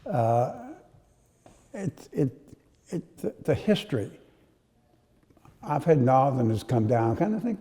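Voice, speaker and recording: Older New Orleans man reminiscing, mellow. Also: medium pitch, very animated. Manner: storytelling, unhurried, with frequent uh fillers. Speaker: interviewee. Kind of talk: reminiscing interview. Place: historic house. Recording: long hall reverb.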